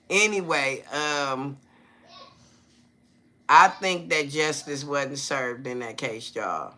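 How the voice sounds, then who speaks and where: A man chats on a phone live stream in a loose, slangy way. His voice is bright and forceful, with a pushy edge. He keeps checking in with his viewers and stops to greet them by name. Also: mid-range voice. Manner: chatty, keeps asking viewers "you feel me?"; loose slangy street talk. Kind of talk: casual live-stream talk.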